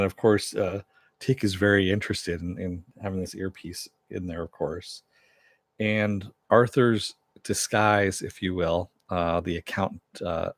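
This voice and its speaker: A man recapping a TV episode in a relaxed way, chuckling often and using many fillers. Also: deep voice, no echo, clean studio sound. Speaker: TV episode reviewer.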